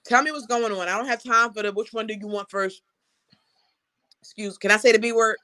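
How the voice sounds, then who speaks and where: Bright, animated woman telling a story. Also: fairly high pitch, a little fast, dry recording. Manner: animated, frank, laughing storyteller. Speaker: host. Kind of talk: casual storytelling chat.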